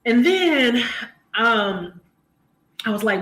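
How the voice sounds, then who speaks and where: Woman streaming from home, bright, easy laughter, roomy echo. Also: a little high, animated, slow pace, long pauses. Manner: chatty, laughs often, greets viewers by name. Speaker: live-stream host chatting with viewers. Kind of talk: casual live-stream chat. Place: home room, lights turned down. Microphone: camera mic. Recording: echoey room.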